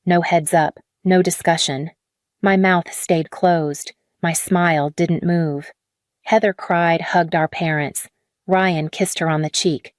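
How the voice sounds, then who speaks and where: A woman reading a scripted first-person drama story in a measured, even way. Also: on the low side, no room sound, clean studio sound. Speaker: story narrator.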